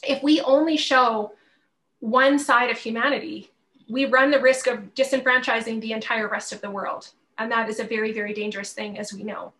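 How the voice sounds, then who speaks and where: A woman's voice: fairly high pitch, fairly even intonation, normal speed, a bit bright, low-quality recording. A woman giving a live masterclass to an audience, earnest and emotional, near tears at times, repeating phrases for emphasis. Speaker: masterclass speaker. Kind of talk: live inspirational talk. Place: event venue before an audience.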